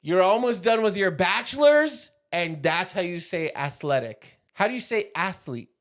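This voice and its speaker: A man's voice: sits high, lively intonation, normal speed, a bit bright. A young man co-hosting a podcast, teasing and emphatic in casual banter. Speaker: podcast co-host.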